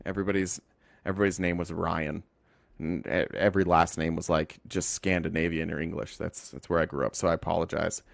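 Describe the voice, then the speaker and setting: ユタ州出身の男性が、ライブ配信の視聴者コメントに応えながら、脱線や言い直しを交えて政治の話を気ままに語っている。. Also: male voice, deep voice, little pitch movement, a little fast, gravelly, no room sound. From Utah. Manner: rambling, talks to chat, self-correcting. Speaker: livestream host. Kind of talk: casual political livestream chat.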